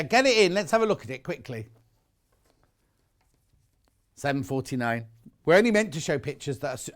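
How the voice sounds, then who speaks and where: Hosting live shopping TV, a man with a fairly bright, higher-leaning voice trades chatty banter with his co-workers, punctuated by chuckling asides.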